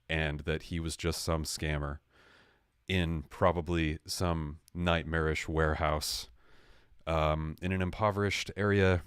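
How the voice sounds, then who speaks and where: A deep male voice belongs to a livestream host spinning a casual storytelling rant, joking sarcastically and correcting himself as he speaks. The recording is studio quality with no echo.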